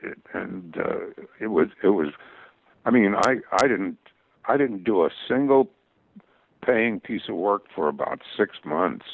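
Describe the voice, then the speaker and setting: An older man, a guest cartoonist, telling stories in an interview in a halting way full of restarts. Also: sits low, expressive, vocal fry, a little hiss or hum. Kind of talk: interview storytelling. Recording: tinny phone-like radio audio.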